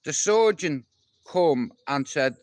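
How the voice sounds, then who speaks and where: A man's voice: on the high side, lively intonation, slow, darkish tone, no echo. Blunt, swearing man. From Dublin, Ireland. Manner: blunt and heavily profane, addressing a listener by name. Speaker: live-stream host. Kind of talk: casual live-stream storytelling.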